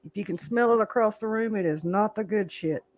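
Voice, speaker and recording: A man's voice: sits high, brisk. A man joining a casual livestream as co-host, trading crude jokes. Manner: crude joking banter.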